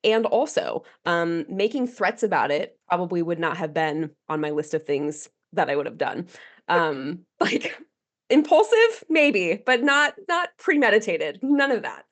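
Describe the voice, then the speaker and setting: A woman therapist speaks in a slightly low voice, open and candid about her own experience. She talks casually, with plenty of fillers and laughter woven in. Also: animated, unhurried. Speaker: guest therapist. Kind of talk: casual podcast chat.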